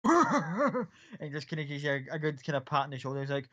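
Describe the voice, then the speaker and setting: A man's voice: medium pitch, fast talker, a bit bright. A man narrating as game master of a tabletop game, describing scenes in a loose, rambling way with many fillers. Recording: dull lo-fi audio.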